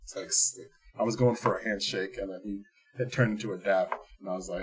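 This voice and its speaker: A podcast co-host with a lowish, expressive voice speaks a little slowly as he tells a rambling story during casual chat. He swears freely and laughs as he goes.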